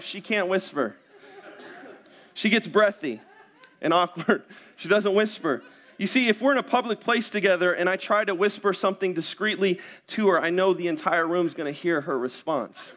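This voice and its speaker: A young man with a notably high-pitched voice delivers a sermon as a pastor. He talks in a conversational, self-deprecating way, asking the congregation rhetorical questions between personal stories. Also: moderate pace, fairly bright tone.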